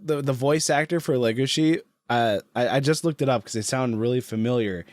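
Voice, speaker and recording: A man co-hosting a podcast in casual chat, playful and chiming in with quick reactions. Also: mid-range voice, no echo, clean studio sound. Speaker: podcast co-host.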